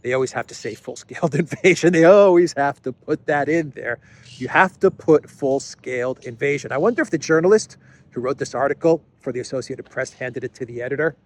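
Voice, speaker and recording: A man's voice: mid-range voice, a little fast. A man hosting a political commentary show, talking casually with frequent fillers and dry sarcastic asides.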